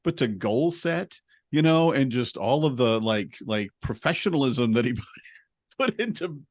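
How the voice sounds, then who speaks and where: Animated American dad telling a story. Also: male voice, medium pitch, normal speed, dry recording, studio quality. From United States. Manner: animated storyteller, acts out his son's lines, laughs often. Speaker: podcast host. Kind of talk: casual chat.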